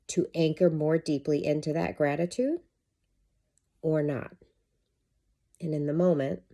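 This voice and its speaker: Low mellow-voiced woman coaching. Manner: candid, chatty, swears freely. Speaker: life coach. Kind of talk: casual monologue to camera.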